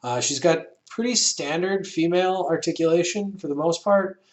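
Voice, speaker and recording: A man's voice: a little high, moderate pace. Rambling man reviewing toys. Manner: relaxed, rambling, many fillers and restarts. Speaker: action figure reviewer. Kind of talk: casual toy review.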